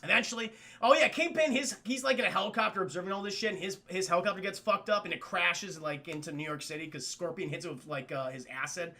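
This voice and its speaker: A man's voice: high-pitched, sharp tone. A young man casually recapping a cartoon episode for his stream chat, swearing and laughing as he retells scenes. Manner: loose, laughing, profane retelling with quick voiced quotes.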